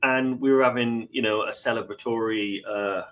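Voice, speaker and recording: A man's voice: medium pitch, fairly even intonation, normal speed, a bit bright, dull audio. A man in casual chat, telling travel stories in a jokey way with frequent laughs.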